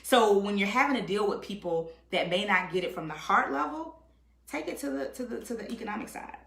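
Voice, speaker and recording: A woman guest in a casual conversation, talking in an animated way, acting out quotes and often checking in with "right?". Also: mid-range voice, brisk, vocal fry, roomy sound.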